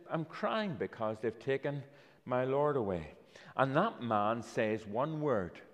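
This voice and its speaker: A man's voice: medium pitch, in a large hall. A man preaching a children's talk sermon, telling the story and inviting listeners up to taste props.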